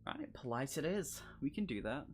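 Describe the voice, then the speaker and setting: A man's voice: medium pitch, sing-song, normal speed, slight background noise. A man on a live stream, reading a solo gamebook aloud and breaking off for jokey asides and laughs. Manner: chatty and jokey, laughing asides between read passages.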